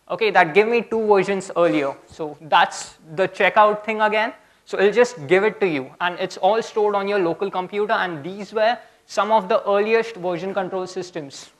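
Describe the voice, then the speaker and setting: A man's voice: sits high, a bit bright. A young man giving a casual, chatty technical talk at a conference, often checking in with "okay?". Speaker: conference speaker.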